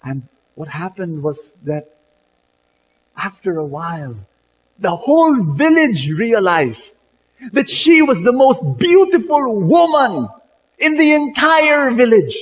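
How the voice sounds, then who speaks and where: A man's voice: extremely high pitch, sing-song, slow, husky, long reverb tail, rough recording. A man telling a story in a sermon, dramatic, with many repeated words and "you know"s.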